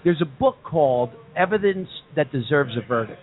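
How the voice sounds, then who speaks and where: New Jersey host, emphatic rambler, slightly high voice, phone-like sound. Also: male voice, lively intonation, moderate pace. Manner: rambling, emphatic, joke-telling. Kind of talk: casual pub chat show. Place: pub. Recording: tinny phone-like audio.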